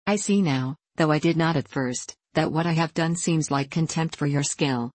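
A woman's voice: low-pitched, moderate pace, a little mellow, dry recording. A woman voicing a coy, sweet-spoken young woman in a storybook reading.

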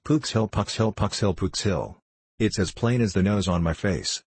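A man's voice: on the low side, normal speed, darkish tone, breathy edge, dry recording. A man voicing an ancient, kindly male hill sprite in an audiobook, with a playful, sing-song way of chanting his words. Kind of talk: audiobook character reading.

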